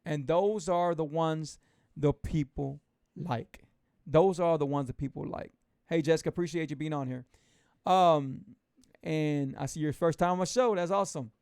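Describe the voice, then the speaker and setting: This is a man with a gravelly, slightly high voice, hosting a live stream as a keto coach. He talks loosely with many restarts and repeats each point. The sound is close and dry, with no room around it. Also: normal speed, darkish tone, no room sound. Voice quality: fervent, pitching and repeating himself. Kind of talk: live-stream talk to viewers.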